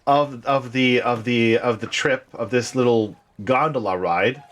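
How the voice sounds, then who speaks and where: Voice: medium pitch, measured pace, a bit bright. An adult game master narrating a tabletop role-play game for children, hesitant with frequent restarts.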